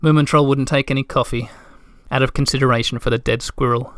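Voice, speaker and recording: Man reading a storybook, smooth and clear. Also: mid-range voice, fairly even intonation, a little fast, fairly bright tone, dry recording, studio quality. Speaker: narrator. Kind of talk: audiobook narration.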